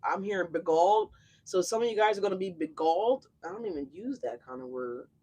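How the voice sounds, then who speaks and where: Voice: mid-range voice, animated, fairly quick, mellow. A tarot reader hosting a casual live reading, talking straight to viewers in an effusive, slangy, exclamatory way, with frequent swearing. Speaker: tarot reader, channel host.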